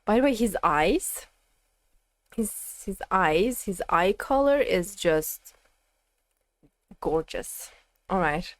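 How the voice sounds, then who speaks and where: A woman's voice: medium pitch, lively intonation, takes it slowly, pauses often, dry recording. Giggly, flustered young woman streamer. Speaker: streamer reacting to a game. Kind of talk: casual gameplay reaction commentary.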